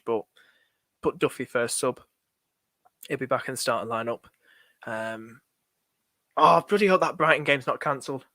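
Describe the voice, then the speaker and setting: Bright-voiced man streaming live. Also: mid-range voice, dry recording, clean studio sound. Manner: thinking aloud, anxious and chatty, talking to chat. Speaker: fantasy football streamer. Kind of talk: live stream chat with viewers.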